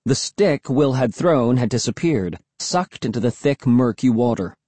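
Husky male audiobook narrator. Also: medium pitch, lively intonation, a little slow, mellow, no echo. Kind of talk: first-person audiobook narration.

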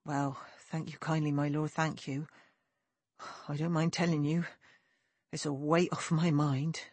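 Woman reading as a humble country farmer guy, low husky voice, slow and grateful, dry close sound. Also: little pitch movement, a little mellow, no room sound. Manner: slow, plain country talk. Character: humble male tenant farmer, grateful, rustic. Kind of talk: audiobook character voice.

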